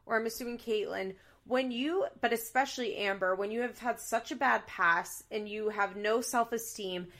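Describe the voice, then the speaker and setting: A woman co-hosting a podcast in relaxed conversation, with a bright, forceful voice pitched a little high. She talks in a candid, animated way and swears freely. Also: normal speed, few pauses. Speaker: podcast co-host. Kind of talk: casual chat recapping a reality show.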